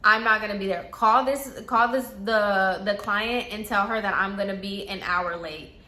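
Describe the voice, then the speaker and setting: A woman mimicking a whiny middle-aged female hairstylist who complains constantly, in a lower, quieter grumble than her own voice. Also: normal speed, natural voice. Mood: demanding. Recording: echoey room.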